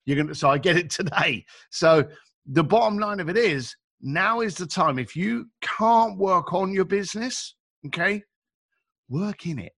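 Male guest, bright and forceful, animated storyteller, slangy. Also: high voice, a little slow, creaky. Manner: animated, chatty, acts out quotes; informal slang. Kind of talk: casual storytelling.

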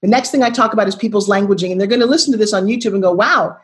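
A woman in her sixties, a motivational coach, talking bluntly and forcefully in an interview and pressing her guest with repeated questions. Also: medium pitch, rapid-fire. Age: 60s.

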